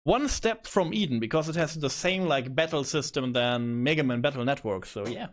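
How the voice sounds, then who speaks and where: A man's voice: medium pitch, lively intonation, moderate pace. A man streaming a game and chatting casually, rambling and correcting himself as he goes. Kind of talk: casual let's play chat.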